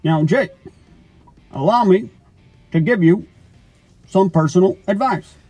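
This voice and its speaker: A man puts on a former president who lectures in a stately, high-set voice. He speaks slowly in halting, clipped phrases. The sound is dry and close, with faint music behind. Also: warm tone, dry recording. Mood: lecturing. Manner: slow, halting delivery broken into short phrases. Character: impression of a former male president, measured, lofty. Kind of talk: comedy sketch phone call.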